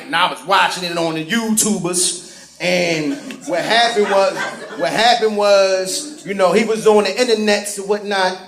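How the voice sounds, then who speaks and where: A man voicing an earnest, rambling barbershop conspiracy theorist who muses slowly, in an echoey room. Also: high-pitched, fairly bright tone.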